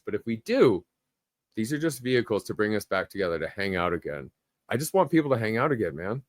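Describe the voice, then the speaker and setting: A man with a lowish voice speaking earnestly as a guest on a podcast, thinking aloud in casual chat. The sound is dry and close with no room around it. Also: no echo. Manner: earnest, reflective. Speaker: brewery owner, podcast guest.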